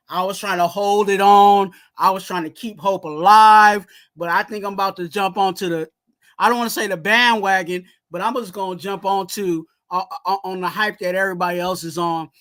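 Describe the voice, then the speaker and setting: A man co-hosting a live sports fan stream, talking in a heated rant and yelling at times. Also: sits high, fairly even intonation, normal speed. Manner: heated, ranting, yells at times. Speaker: co-host of a sports fan livestream.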